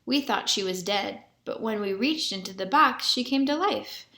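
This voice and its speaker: A woman's voice: medium pitch, lively intonation, normal speed, bright, forceful tone, reverberant. A woman voicing a friendly, chatty female otter in a storybook.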